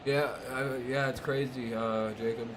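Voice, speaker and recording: A man's voice: mid-range voice, steady tone, measured pace, noisy background. A man chatting casually and profanely on a live stream as he watches a baseball game. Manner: rambling, profane, jokey.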